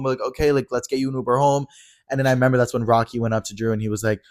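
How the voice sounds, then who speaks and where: Fast-talking young man telling a story. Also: mid-range voice. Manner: fast, animated retelling with lots of "like". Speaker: podcast co-host. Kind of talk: casual storytelling chat.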